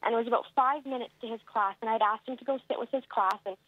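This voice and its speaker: A woman's voice: a little high, fast, dry recording. A woman from Canada calling in to a radio show, asking a question about her children in a hesitant way. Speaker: caller. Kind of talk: phone-in question. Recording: phone line.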